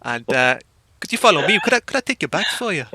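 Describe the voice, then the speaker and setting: A man's voice: fairly high pitch, big pitch swings, fast talker, bright, forceful tone, no echo, studio quality, pitched above the performer's own voice, exaggerated voice. A man voicing a polite, bumbling male butler with a put-on Scottish accent. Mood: welcoming. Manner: courteous, bumbling, hesitant.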